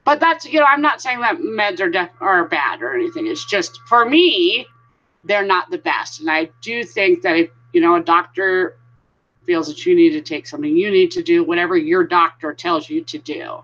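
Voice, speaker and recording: A woman's voice: fairly low pitch, lively intonation, moderate pace, a bit bright. A woman hosting a casual live stream, chatting with viewers and greeting them by name. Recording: dull lo-fi sound.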